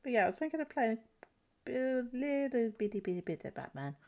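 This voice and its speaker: A woman's voice: a little high, very animated, brisk, a little mellow. A young woman streaming while she draws. She has a stuffy nose from a cold and chats casually with viewers, giggling often and restarting her sentences. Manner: chatty, giggly, answers chat, frequent restarts. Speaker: streamer and artist. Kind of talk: casual live-stream chat while drawing.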